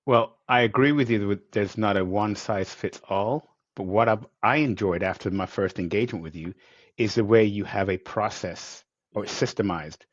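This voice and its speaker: Male podcast host, lowish voice, enthusiastic and rambling, dry dull remote sound. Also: moderate pace, dry recording. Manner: enthusiastic, rambling, acts out quotes. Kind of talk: conversational interview.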